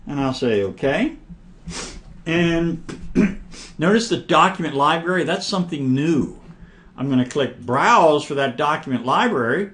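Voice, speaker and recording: A man giving a casual, step-by-step software demonstration, narrating each click and often clearing his throat. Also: fairly high pitch, expressive, a little slow. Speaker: software instructor. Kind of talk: screen-recorded software demonstration.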